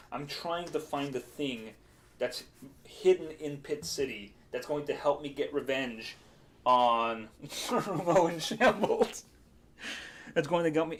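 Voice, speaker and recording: A man's voice: medium pitch, natural voice. Man putting on a sneering villain. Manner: threatening, scornful. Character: sneering male villain extorting goblins.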